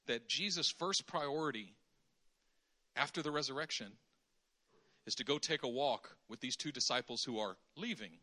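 A man preaching a sermon in an animated way, acting out conversations in different voices. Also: mid-range voice.

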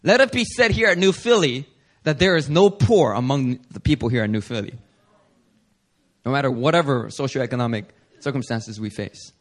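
A man's voice: mid-range voice, animated. A man preaching a sermon as pastor, reading scripture aloud and then putting rhetorical questions to his congregation. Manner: slows for emphasis on key verses.

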